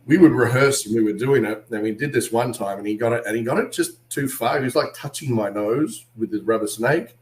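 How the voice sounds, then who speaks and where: A man with an Australian accent, an actor guest on an interview, telling animated anecdotes and acting out what other people said. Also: medium pitch, fairly quick, hardly any pauses, reverberant, poor audio. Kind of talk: casual interview storytelling.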